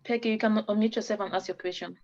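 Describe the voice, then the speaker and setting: A woman moderating a panel over a video call, warm and encouraging. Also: mid-range voice, steady tone, fast. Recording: dull lo-fi call audio.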